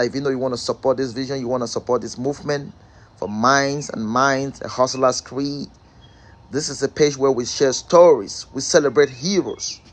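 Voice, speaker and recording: A man hosting a live-stream motivational talk, repeating rhetorical questions and calling out viewers by name. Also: medium pitch. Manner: calls out viewers' names. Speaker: host.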